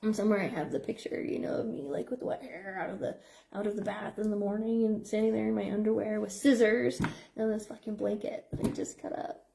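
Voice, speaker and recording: A woman's voice: fairly even intonation, fast talker, gravelly, dark tone, slight background noise. A middle-aged woman, a psychotherapist, talking in a rambling stream-of-consciousness monologue full of fillers. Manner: rambling, filler-heavy, with playful squeak sound effects. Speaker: psychotherapist and behavior analyst.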